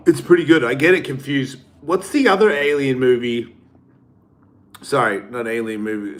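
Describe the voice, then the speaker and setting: A man, hosting his podcast and telling a rambling, profane story in a casual monologue. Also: medium pitch. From Australia. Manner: rambling, swearing, laughs often. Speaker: podcast host.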